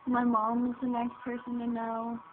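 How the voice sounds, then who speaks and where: A woman's voice: a little high, completely flat delivery, moderate pace. Teenage girl, hesitant, tinny lo-fi. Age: teens. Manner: hesitant, many ums and restarts. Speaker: vlogger. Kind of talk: personal vlog talking to camera. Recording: tinny lo-fi sound with hiss.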